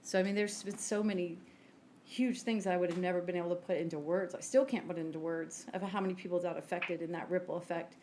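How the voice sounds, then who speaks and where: A woman with a fairly low voice tells a personal faith story on a podcast. She is an animated storyteller who acts out the back-and-forth of her conversations. A faint hiss sits under her voice. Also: fast. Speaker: podcast co-host.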